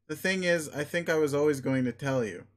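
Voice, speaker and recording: A man reading aloud as a bossy, vicious young alien male, blunt and sneering, in a slightly high voice that stays close to a plain reading voice. He lays out demands in a pushy way. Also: fairly quick, close to an everyday voice. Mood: domineering.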